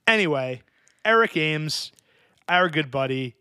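A man's voice: a little high, expressive, measured pace, pushed and bright, smooth, no echo. A man hosting a casual podcast, rambling and joking with his guests. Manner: goofy, rambling jokester. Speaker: podcast host.

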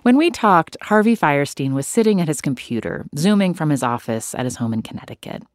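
Woman podcast host, lowish voice, really lively, dry studio sound. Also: brisk, no room sound. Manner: curious, playful questioning. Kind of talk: interview and scripted narration.

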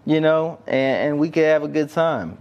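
A man's voice: fairly high pitch, animated, moderate pace, smooth, lo-fi sound. A man chatting casually as a podcast host. He rambles and swears, leaning on "like" and "you know what I mean.". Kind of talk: casual chat.

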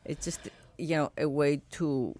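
A woman's voice: deep voice, steady tone, unhurried, darkish tone. A woman podcast host responding reflectively, searching for words as she sums up. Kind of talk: conversational interview.

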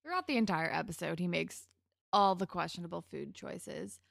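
A woman's voice: lowish voice, lively intonation, creaky, no room sound, studio quality. A woman co-hosting a casual chat, recapping a TV episode and laughing often. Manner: chatty, laughs often, quotes characters in quick asides. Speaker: podcast co-host.

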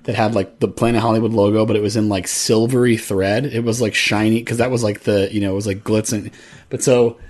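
Rambling low-voiced man on a podcast. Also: fairly even intonation, a little fast, a little mellow. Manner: rambling, many "like" fillers and restarts. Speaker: podcast co-host. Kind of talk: casual comedy podcast chat.

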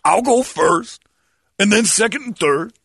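Man impersonating a bragging retired football star, husky, gravelly, lively pitch. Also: measured pace, dry recording, clean studio sound, exaggerated voice. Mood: boastful. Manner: boastful, chatty, deadpan dark jokes. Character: impression of a middle-aged male retired football star, boastful.

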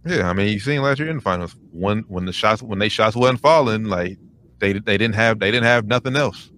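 A man co-hosting a casual sports podcast, laid-back and halting, often repeating his words. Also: lowish voice, fairly bright tone, slight background noise. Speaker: podcast co-host.

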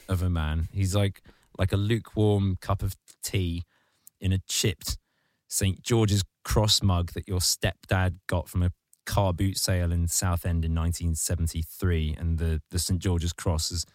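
A man's voice: low-pitched, level tone, a little slow, darkish tone, dry recording. A man in casual comedic podcast chat, ranting sardonically with crude, vivid insults.

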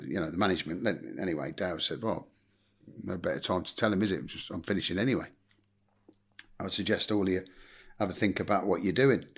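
A man's voice: low voice, slightly rough. A middle-aged English man, a former football manager, telling blunt anecdotes in a casual interview and acting out quotes. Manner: blunt anecdotal storyteller, swears, acts out quotes.

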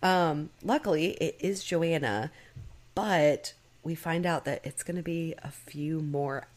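A woman with a low voice chats through an episode recap on her podcast. She talks loosely with many fillers and acts out the characters' lines as she goes. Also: takes it slowly. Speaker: podcast co-host. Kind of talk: casual recap chat.

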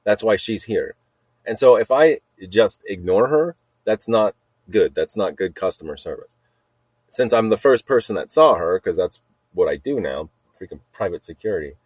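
A man's voice: lowish voice, animated, normal speed, darkish tone, breathy edge, no echo. A middle-aged man telling a story in a rambling casual monologue, repeating himself and laughing at his own jokes. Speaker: podcast host telling a story.

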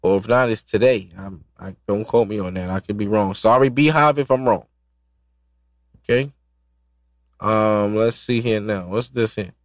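A man's voice: on the low side, moderate pace, pauses often, no room sound. A man hosting a solo podcast in loose, profane, rambling casual chat, laughing often. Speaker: podcast host.

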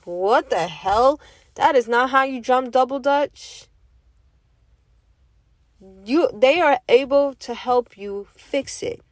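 Woman, high pitch, slow deliberate delivery, dry close sound; blunt opinion piece full of rhetorical questions. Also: dry recording. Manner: emphatic, repeats rhetorical questions, curses. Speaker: vlogger giving opinions. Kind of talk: casual monologue.

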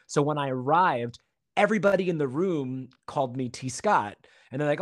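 A man's voice: fairly high pitch, normal speed, no room sound, clean studio sound. A man from Virginia Beach, a stage actor guest, telling stories in casual podcast chat and acting out the people he quotes. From Virginia Beach, USA. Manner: animated storyteller, acts out quotes.

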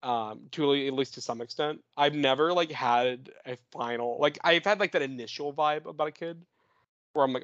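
A man's voice: medium pitch, moderate pace, fairly bright tone, no room sound, dull audio. A young man co-hosting a podcast, thinking aloud with hesitant restarts and fillers. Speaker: podcast co-host. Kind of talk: casual chat.

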